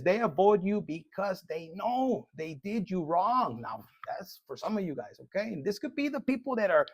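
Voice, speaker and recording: A man's voice: on the high side, no echo. A man giving a casual collective tarot reading, blunt and profane, joking and dropping in Spanish slang. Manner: reads card messages aloud slowly. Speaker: tarot reader.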